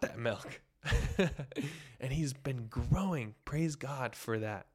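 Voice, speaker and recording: A young man hosting a devotional podcast, teaching from the Bible in an earnest, emphatic way that builds to bursts of excitement. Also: mid-range voice, slow pace, breathy edge. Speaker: podcast host sharing a devotional.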